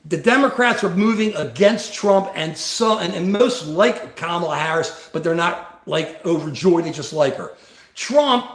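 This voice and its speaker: A man with a high voice and lively intonation hosts a political commentary livestream at a measured pace, recorded in an echoey room. He speaks passionately, poses rhetorical questions and frequently repeats his words.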